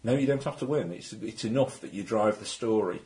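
A man's voice: lowish voice, fairly quick, darkish tone, poor audio. A man running a tabletop game, explaining rules and recapping the story in a rambling, chatty way. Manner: rambling, chatty, frequent restarts. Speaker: game master.

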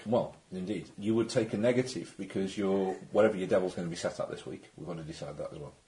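A man's voice: deep voice, fast talker, warm tone, low-quality recording. A man running a tabletop game, explaining rules and recapping the story in a rambling, chatty way. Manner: rambling, chatty, frequent restarts. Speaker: game master.

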